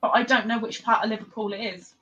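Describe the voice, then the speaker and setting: A woman chatting on a live stream, rapid and excitable, often talking over the others on her computer mic. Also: fairly high pitch, dull audio. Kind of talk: casual live-stream chat.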